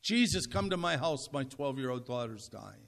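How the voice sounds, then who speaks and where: A man's voice: mid-range voice, big pitch swings, normal speed, gravelly, a bit bright, pitched below the performer's own voice. A man playing Jairus as a desperate father pleading with Jesus while retelling scripture in a sermon. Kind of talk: sermon storytelling.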